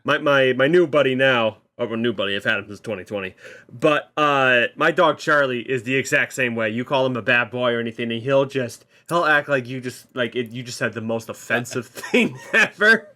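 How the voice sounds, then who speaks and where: A man's voice: medium pitch, normal speed, sharp tone. A man guesting on a casual spoiler chat, restarting his words often and laughing a lot. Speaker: guest film reviewer.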